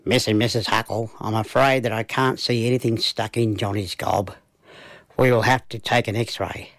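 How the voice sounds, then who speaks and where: A man voicing a gentle, polite doctor. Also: fairly low pitch, steady tone, normal speed, no room sound, clean studio sound, lightly acted.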